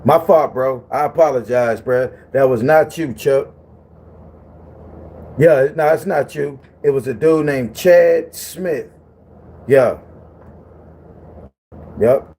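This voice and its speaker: A man's voice: medium pitch, slow pace, long pauses, mellow, slightly rough. A man hosting a livestream who chats casually, in a loose, profane and repetitive way. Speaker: livestream host.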